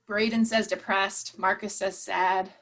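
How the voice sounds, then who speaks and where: A woman's voice: mid-range voice, flat delivery, a little slow, fairly bright tone. A woman leading an online workshop, encouraging and reading out participants' chat replies. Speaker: workshop presenter.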